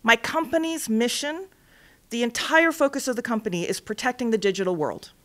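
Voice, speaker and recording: A middle-aged woman gives a lively guest talk in a lecture hall. Her voice sits a little high, and she tells stories with energy. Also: fairly quick. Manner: animated storyteller, acts out voices in anecdotes. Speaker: guest speaker.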